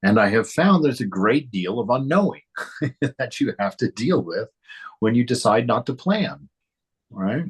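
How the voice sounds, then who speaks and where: A man's voice: mid-range voice, sing-song, unhurried, breathy edge, low-quality recording. A man teaching spirituality, reading from a devotional text and reflecting on it in a conversational way, often asking "right?". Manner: reflective, conversational, with frequent "right?" and "you know".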